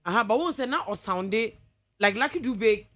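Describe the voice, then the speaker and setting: A woman hosts an entertainment radio show. She presses her guest with short challenges. Her voice sits fairly high. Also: lively intonation, normal speed, fairly bright tone. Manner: interjects with short prompts and challenges. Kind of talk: radio talk-show conversation. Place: radio studio.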